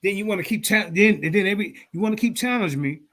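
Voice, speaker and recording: A man's voice: high voice, a bit bright. A man hosting a livestream debate show, ranting in a profane, confrontational way. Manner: profane, confrontational, fast-talking. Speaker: show host. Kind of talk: heated livestream rant.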